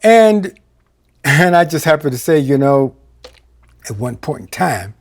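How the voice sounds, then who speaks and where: A male minister preaching a sermon, telling a personal story and swinging between loud exclamations and quiet asides. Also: a little high, big pitch swings, unhurried.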